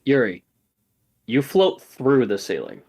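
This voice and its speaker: A man's voice: mid-range voice, huge pitch swings, slow, gravelly, a little mellow, slightly rough. Guy running a tabletop game, mid voice, lots of uhs, laid back. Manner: casual, hesitant with fillers. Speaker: game master.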